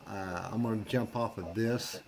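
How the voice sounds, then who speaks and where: A man with a very deep, low voice chats on a live stream. He is easygoing and plain-spoken, with folksy grammar. A faint hiss sits under his voice. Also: normal speed, gravelly. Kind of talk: casual chat.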